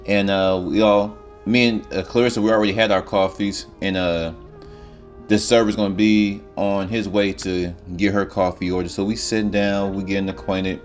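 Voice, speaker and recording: A man's voice: on the low side, flat delivery, moderate pace, faint music behind. A man telling a comedic story in a loose, rambling, profane way.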